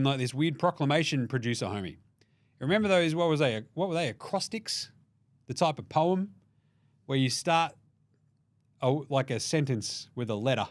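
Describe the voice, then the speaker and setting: A man's voice: medium pitch, no echo. A young Australian man hosting a casual basketball recap, joking and swearing freely and acting out players' voices. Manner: profane, jokey, acts out players' voices. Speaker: basketball podcast host.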